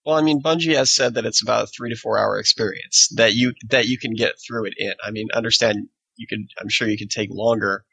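A man's voice: fairly low pitch, fairly even intonation, a little fast, vocal fry, hardly any pauses, pushed and bright, breathy edge, no room sound, low-quality recording. A man co-hosting a casual podcast, talking in a hesitant way with many fillers and restarts. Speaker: podcast co-host.

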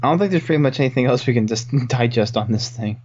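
A man co-hosting a gaming podcast chat, insistent and quick to set others straight. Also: medium pitch, animated, background noise. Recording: dull lo-fi podcast audio.

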